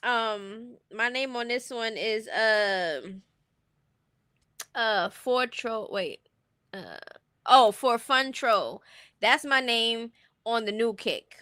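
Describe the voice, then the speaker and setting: Blunt, bright-voiced woman streamer. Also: fairly high pitch, drawn-out words, pauses often, dry recording, studio quality. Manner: blunt, opinionated, laughs while talking. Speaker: commentary streamer. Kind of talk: casual livestream commentary.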